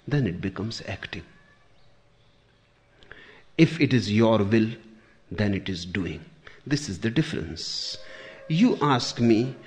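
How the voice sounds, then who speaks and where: A man giving a spiritual discourse, deliberate, pausing often, with sudden emphatic lines. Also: lowish voice, lively intonation, darkish tone. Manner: slow, deliberate, with long pauses and sudden emphasis. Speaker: spiritual teacher.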